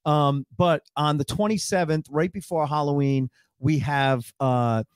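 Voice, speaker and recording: A man's voice: fairly high pitch, measured pace, clear, resonant tone, no room sound, clean studio sound. A man hosting a comedy podcast in casual chat, upbeat and chatty, swearing now and then. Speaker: podcast host. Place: home studio room.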